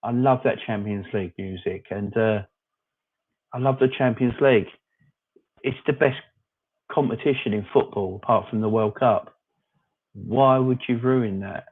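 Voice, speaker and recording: A man's voice: on the low side, a little slow, pauses often, breathy edge. Man on a tinny, phone-like line. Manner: rambling, opinionated, answers viewers by name. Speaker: fan channel host reading live chat. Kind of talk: casual live-stream chat. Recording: phone-like narrow audio.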